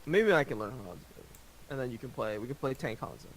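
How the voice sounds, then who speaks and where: A man's voice: medium pitch, very animated, fairly quick, poor audio. A young man chatting casually with friends on a gaming voice call, teasing, profane and rambling. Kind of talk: casual chat.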